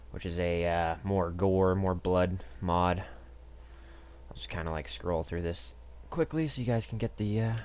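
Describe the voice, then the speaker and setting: A man with a very low voice hosts a game live stream with loose, casual commentary. He talks crudely, swears freely and rambles through plenty of ums and uhs. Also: a little mellow. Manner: crude and profane, loose rambling with many fillers. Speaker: gaming streamer.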